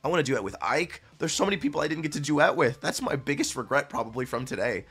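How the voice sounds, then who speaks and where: A man streamer chatting casually to his viewers, earnest and gushing, swearing freely, his voice jumping up when excited. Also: fairly high pitch, fast, hardly any pauses, husky.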